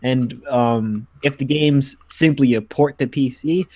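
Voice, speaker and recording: A man co-hosting a casual podcast chat, talking haltingly and restarting his sentences. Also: mid-range voice, darkish tone. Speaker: podcast co-host.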